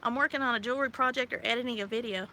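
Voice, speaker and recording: A woman in her forties chatting casually on her live stream outdoors, bubbly and quick to laugh. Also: on the high side, bright, forceful tone. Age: 40s. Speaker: livestream host. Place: outdoors by a pool on a windy day. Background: wind gusts.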